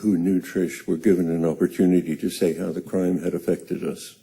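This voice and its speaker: An older man slowly telling a personal story on stage, halting and earnest. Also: low-pitched, little pitch movement, gravelly, dark tone, slightly rough.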